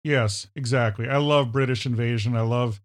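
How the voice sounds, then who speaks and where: A man's voice: mid-range voice, steady tone, normal speed. A man from Minnesota co-hosting a casual chat show, enthusiastic and fond of repeating the word "powerful". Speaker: podcast co-host.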